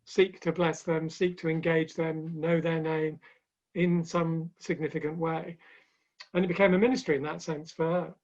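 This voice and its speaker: A man's voice: fairly high pitch, little pitch movement, moderate pace, a little mellow. A man speaking as a guest in a webinar conversation, telling stories with light humor in a chatty way. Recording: dull lo-fi online call audio.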